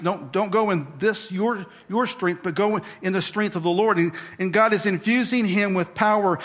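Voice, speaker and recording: A pastor with a high, slightly bright voice preaches a sermon in a conversational style. He acts out the characters' voices and puts questions to the congregation.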